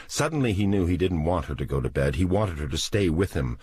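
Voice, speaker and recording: A man narrating a novel as an audiobook in a slow, deliberate, dramatic reading. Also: low voice, expressive, a little mellow, slightly rough, no room sound. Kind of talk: scripted narration.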